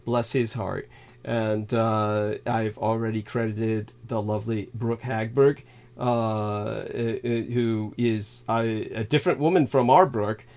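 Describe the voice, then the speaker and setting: A man hosting a livestream, rambling through thanks with many halting fillers, laughing suddenly and swearing now and then. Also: fairly low pitch, darkish tone. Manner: halting, filler-heavy, reads donor thanks aloud. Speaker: livestream host.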